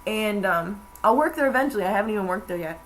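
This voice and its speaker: A woman's voice: medium pitch, animated, quick pace, a little hiss or hum, rough recording. A young woman in college, chatting casually to camera in a rambling way with many fillers. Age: young adult. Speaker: vlogger. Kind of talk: casual chat.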